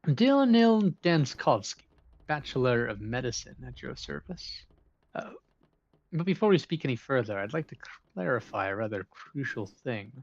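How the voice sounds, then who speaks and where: A man's voice: mid-range voice, big pitch swings, moderate pace, creaky, no room sound, muffled recording. A man reading the lines of a haughty, condescending doctor aloud while playing a game. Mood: pompous. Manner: pompous, lofty, formal. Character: haughty male doctor, condescending bachelor of medicine.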